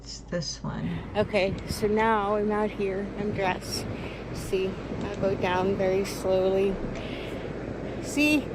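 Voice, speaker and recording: Lady in her 60s vlogging outside on a handheld cam, slow and rambly, a bit teary, noisy background. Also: mid-range voice. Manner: rambling, tearful and wistful, laughing softly. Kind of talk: emotional personal vlog. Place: outdoors by the water.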